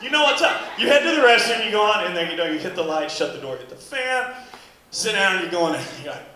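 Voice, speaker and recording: A man's voice: sits high, brisk, a little hiss or hum. A man performing a rambling stand-up comedy set, acting out his own exclamations. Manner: animated, rambling storytelling with acted-out exclamations. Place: club stage with audience. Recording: echoey club room with crowd.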